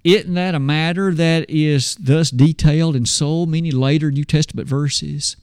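A man's voice: on the high side, fairly even intonation, normal speed, darkish tone, clear, resonant tone, no room sound, studio quality. A man preaching a sermon, posing rhetorical questions and swinging his voice up and down when he quotes scripture.

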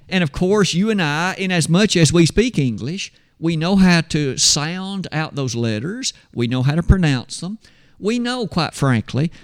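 With a voice on the high side, a man teaches a Bible lesson from slides. He explains in a measured way and addresses his listeners as "you and I."

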